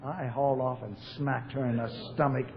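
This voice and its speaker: A man's voice: mid-range voice, fairly even intonation, moderate pace, creaky. An older man from Portland, Oregon, giving a blunt, wry recovery talk to a convention audience in a large hall. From Portland, Oregon, USA. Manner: storytelling, blunt, wry humor with fillers. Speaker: AA speaker. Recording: echoey hall, phone-like narrow sound, faint hiss.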